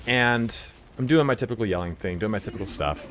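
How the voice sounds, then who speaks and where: A man live-streaming a game, chatting casually and telling stories in a loud, animated voice. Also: on the low side, a little fast.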